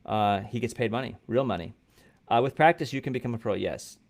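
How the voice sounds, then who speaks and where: A man with an ordinary mid-range voice hosts a livestream Q&A from a small studio room. He reads viewer questions and answers them in a relaxed, conversational way. His answers are blunt and full of fillers. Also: medium pitch, fairly quick. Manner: loose and conversational, with frequent fillers and blunt advice. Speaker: host of a coding livestream. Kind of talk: casual livestream Q&A, reading chat questions.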